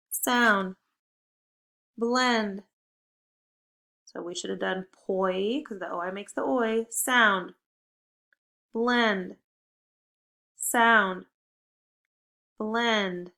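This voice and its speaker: Slow, encouraging woman teaching phonics. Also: medium pitch, pushed and bright. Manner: upbeat, encouraging, clear drilled prompts. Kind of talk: phonics lesson for young children.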